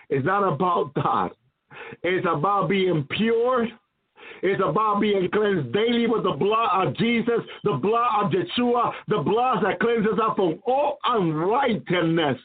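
High-voiced man preaching over a tinny line. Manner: fervent, repetitive pleading. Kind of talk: sermon testimony and prayer. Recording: tinny phone-like recording.

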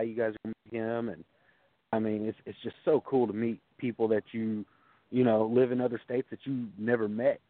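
A man's voice: lowish voice, dry recording. Enthusiastic man on a tinny phone line. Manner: enthusiastic, emphatic. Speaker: guest. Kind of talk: casual chat.

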